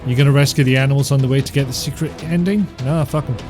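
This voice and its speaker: Guy streaming a game, rambles and jokes w chat, curses lots, normal pitch. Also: racing, over music. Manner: joking, rambling, swears often. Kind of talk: casual gameplay commentary.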